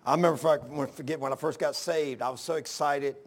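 An older man pastor giving an informal sermon, telling folksy stories with loud exclamations and chuckles. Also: fairly high pitch, fairly even intonation, quick pace.

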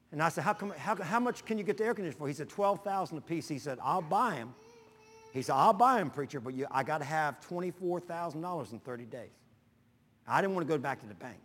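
A middle-aged male pastor preaching a sermon, telling a story folksily and acting out both sides of each conversation. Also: fairly high pitch. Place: church sanctuary. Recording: long reverb of a large hall.

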